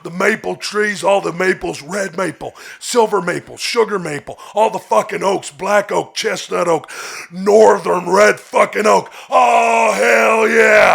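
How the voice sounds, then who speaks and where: A man playing a swaggering, foul-mouthed wrestler who barks out lists and curses at every turn. The voice sits high and gravelly, with a fried rasp in every line. It is loud, brash and cocky. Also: a little slow, full character voice. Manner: shouting lists with constant cursing. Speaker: podcast co-host. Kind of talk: improvised comedy bit.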